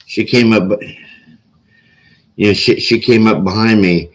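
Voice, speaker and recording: A man's voice: on the low side, a little slow. A man hosting a livestream, chatting casually and rambling with lots of "like" and restarts. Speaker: livestream host. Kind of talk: casual chat.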